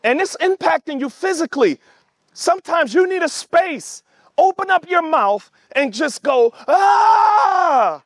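A man preaching a sermon, emphatic, calling out to the congregation and shouting at the peaks. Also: extremely high pitch, animated, normal speed, no echo, clean studio sound. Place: church service with online audience.

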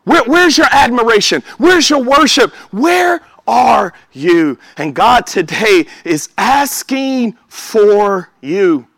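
A man preaching a sermon, animated, swinging from loud exhortation to hushed asides. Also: extremely high pitch, slow pace, few pauses, dry recording.

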